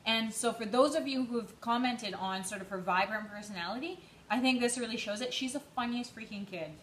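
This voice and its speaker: Woman, out of breath, livestream chat, slightly high voice, echoey room, faint noise. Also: a little fast, a bit bright. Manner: chatty, greets viewers by name. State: out of breath from running. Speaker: livestream host training for a charity run. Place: indoors on a treadmill.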